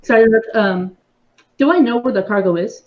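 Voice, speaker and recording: A player in a tabletop game who talks in eager, rushed asides. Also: mid-range voice, muffled recording, a crowd in the background. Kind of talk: casual tabletop play.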